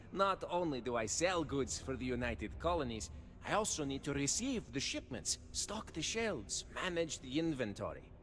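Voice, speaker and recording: Game trader NPC, with an odd mixed accent, fairly high and animated, formal sales patter. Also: male voice, in a large hall, a little hiss or hum. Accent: unplaceable mix from life among ships. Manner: formal, avoids contractions, salesman's charm. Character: chatty smooth-talking male space trader. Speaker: shopkeeper and trader. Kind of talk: video game dialogue.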